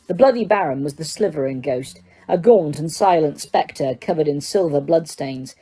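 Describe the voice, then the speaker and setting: A woman narrating an audiobook in a steady reading voice, with the odd stumble. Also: sits low, normal speed, few pauses.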